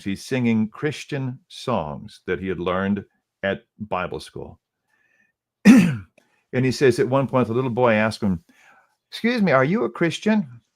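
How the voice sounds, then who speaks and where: A middle-aged man, a radio host casually retelling a story he covered, quoting people with many "he goes" and restarts. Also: mid-range voice.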